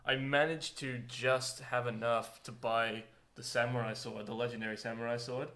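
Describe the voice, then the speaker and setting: A young man in casual conversation about video games. He talks in an animated way and laughs often. His voice sits at an ordinary, middle pitch. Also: normal speed. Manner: animated, laughs often, acts out game moments. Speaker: podcast co-host. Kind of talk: casual gaming chat.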